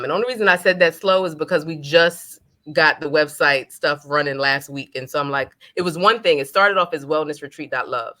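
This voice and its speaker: A woman's voice: deep voice, moderate pace, hardly any pauses, pushed and bright. A woman from Brooklyn with a New York accent, a nonprofit founder talking frankly and laughing easily as a podcast guest. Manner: talkative, frank, easy laughter. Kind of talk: casual podcast conversation.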